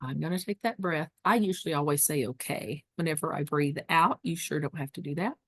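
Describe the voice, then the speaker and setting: Woman teaching caregivers on a webinar, lowish voice, emphatic, says things over and over, dry close sound. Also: fairly quick, no echo. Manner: warm, emphatic teaching with repeated phrases. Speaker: dementia care educator. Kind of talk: webinar presentation.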